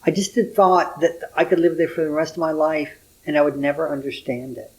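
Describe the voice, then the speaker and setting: An American man in his sixties with a wry, drawn-out storytelling manner, chatting casually as an interview guest in an apartment. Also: on the high side, fairly even intonation, darkish tone. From United States. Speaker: guest, humor writer. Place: apartment room.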